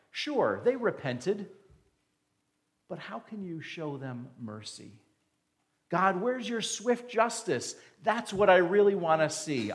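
A man voicing an angry, resentful prophet who throws accusing questions at God. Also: fairly high pitch. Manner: indignant, accusing rhetorical questions.

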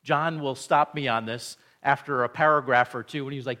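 A man's voice: mid-range voice, brisk, few pauses, pushed and bright. A middle-aged father giving an earnest devotional talk, telling stories and acting out quoted dialogue. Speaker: Christian parenting teacher. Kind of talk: devotional teaching.

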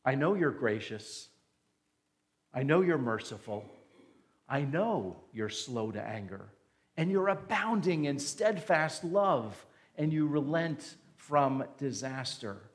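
A man's voice: medium pitch, expressive, slow pace. A man voicing an angry, resentful prophet who throws accusing questions at God. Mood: indignant. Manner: indignant, accusing rhetorical questions.

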